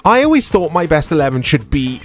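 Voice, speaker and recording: A man's voice: a little high, a little fast, soft background music. Chatty man commentating a game. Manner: chatty, excitable reactions to play. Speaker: gaming YouTuber. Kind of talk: let's play commentary.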